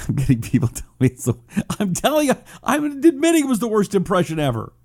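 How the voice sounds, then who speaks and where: A man's voice: sits high, wildly swooping pitch, a little fast, darkish tone. A man hosting a political talk radio show, rambling casually, joking at his own expense and reading listener comments aloud.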